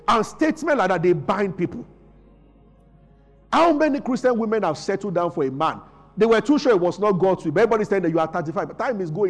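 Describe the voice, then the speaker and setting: A man's voice: very high-pitched, lively intonation, normal speed, a bit bright, faint music behind. A man preaching a sermon as pastor, asking the congregation questions and answering them himself.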